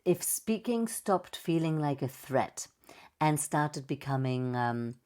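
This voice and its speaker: Woman, voice coach, slide presentation, playful, demonstrative, low pitch, mellow tone. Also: takes it slowly. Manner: playful, expressive, demonstrates vocal examples. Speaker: voice and speaking coach.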